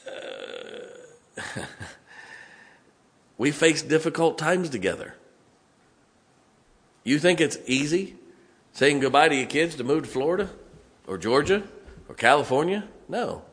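A man's voice: fairly high pitch, a bit bright. A middle-aged man from West Virginia with a West Virginian accent, preaching a sermon in a folksy, conversational way, with asides and chuckles. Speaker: pastor.

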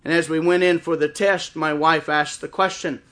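A middle-aged man preaching a sermon in church, impassioned and swelling toward shouts. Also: fairly high pitch, steady tone, moderate pace. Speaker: pastor. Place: church service before a congregation.

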